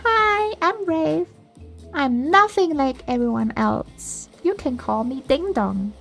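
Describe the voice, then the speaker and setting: A woman's voice: high-pitched, animated, slow pace, vocal fry, a bit bright, faint music behind, voice pushed up, heavily acted. A woman reading out a sweet, quirky young male character who introduces himself cheerfully. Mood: chirpy.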